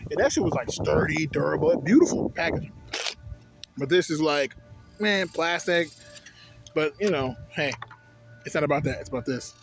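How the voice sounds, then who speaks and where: A man's voice: on the high side, lively intonation, moderate pace, gravelly, long pauses, over music. A young man casually reviewing a vape on his vlog, rambling and swearing through digressions. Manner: profane, rambling, digressive storytelling.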